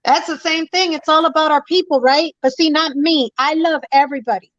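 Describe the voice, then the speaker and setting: A woman's voice: high-pitched, brisk, a bit bright, dry recording. A woman calling in to a talk show, speaking with preachy emphasis and repeating her points. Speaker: caller. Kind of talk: impassioned call-in talk. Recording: dull lo-fi phone line.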